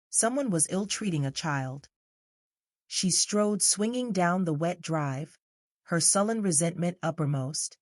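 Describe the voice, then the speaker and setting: Woman audiobook narrator, low and measured, dry studio sound. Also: no echo. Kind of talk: scripted literary narration.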